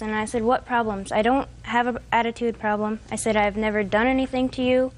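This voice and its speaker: A woman in her twenties giving courtroom testimony, retelling events haltingly with fillers and restarts. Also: on the high side, flat delivery. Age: 20s. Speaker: defendant.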